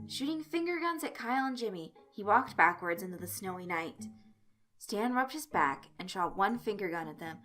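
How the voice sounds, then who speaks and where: A woman reads a fan fiction story aloud in a plain, even manner. Her voice sits at a middle pitch, and soft background music runs faintly beneath the reading.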